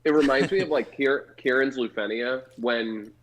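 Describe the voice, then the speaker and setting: A man's voice: medium pitch, moderate pace, a bit bright, rough recording. A man guesting on a game stream, chatting casually and thinking aloud as he recalls things.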